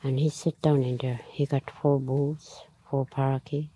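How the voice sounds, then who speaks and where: A woman telling a traditional story aloud in a halting, unhurried way, with frequent pauses, fillers and nonstandard grammar. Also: a bass voice, level tone, mellow, a little hiss or hum, rough recording.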